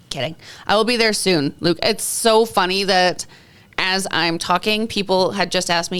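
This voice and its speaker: A woman's voice: on the low side, moderate pace, fairly bright tone, smooth. A woman in her thirties hosting a podcast alone, chatting casually and rambling from topic to topic with self-mocking jokes. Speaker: podcast host. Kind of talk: casual solo podcast chat.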